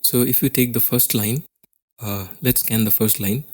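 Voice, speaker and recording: A man's voice: mid-range voice, steady tone, moderate pace, darkish tone. A man with an Indian English accent teaching a class lesson on poetry, explaining step by step and often checking in with "okay?".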